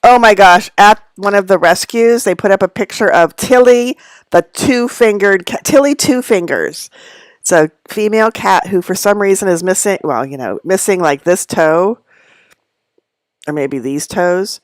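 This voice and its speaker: A middle-aged woman chatting away on a live stream at home, drifting from one aside to the next and laughing easily. Her voice sits at an ordinary middle pitch. The sound is dry and close, with no room echo. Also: unhurried. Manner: rambling, chatty, laughs often between asides. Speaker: host of a live knitting stream. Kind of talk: casual live-stream chat. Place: at home among packed belongings.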